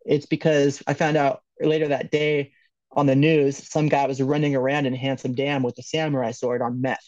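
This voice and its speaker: A man's voice: medium pitch, little pitch movement, normal speed, darkish tone, no room sound, highs cut off. A man from Los Angeles, a podcast guest, telling a story in a loose, joking way, laughing often and swearing. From Los Angeles, California. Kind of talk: casual storytelling.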